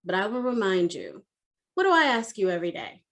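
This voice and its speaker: A stern, measured male manager with a military bearing, acted out by a woman. He speaks in a calm, clipped, firm way and keeps his voice a little lower and quieter than hers.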